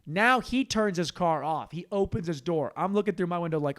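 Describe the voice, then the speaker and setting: A man in his thirties running a solo comedy podcast, his voice sitting a touch high for a man. He swings up and down a lot, acting out every character in his stories. His delivery is loose and full of swearing. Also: brisk, few pauses. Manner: animated storyteller acting out voices, swearing freely.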